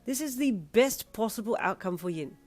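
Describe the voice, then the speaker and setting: A woman's voice: medium pitch, expressive, normal speed, faint music behind, pitched above the performer's own voice, close to an everyday voice. A woman voicing a cheerful young female friend who speaks gratefully in a storybook reading. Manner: warm and grateful.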